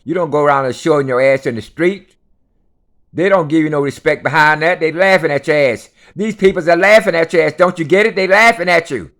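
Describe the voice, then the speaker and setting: A man's voice: a little high, brisk, fairly bright tone. A man delivering an unscripted rant, blunt and profane, lecturing his listeners and hammering each point home with repetition.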